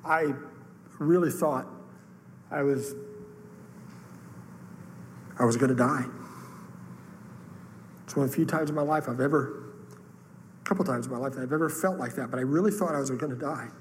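Pausing often at a moderate pace, a mid-range male preacher tells a personal story with earnest emotion, his testimony building into rising outbursts. The recording carries long hall reverb, faint room ambience and slight background noise.

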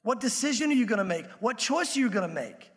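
A man's voice: very high-pitched, big pitch swings, fast, in a large hall. A man preaching a sermon in a conversational way, acting out the voices he quotes. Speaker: pastor.

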